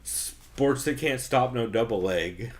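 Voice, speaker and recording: A man's voice: mid-range voice, slow. A man co-hosting a podcast, chatting casually, swearing a lot and laughing often as he recaps shows. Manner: profane, joking, laughs often. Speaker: podcast co-host.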